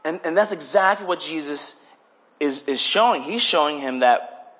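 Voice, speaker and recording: A young man giving a casual sermon, animated, often acting out little voices for the people he talks about. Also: a little high, moderate pace. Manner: animated, acts out voices in quotes. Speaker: preacher.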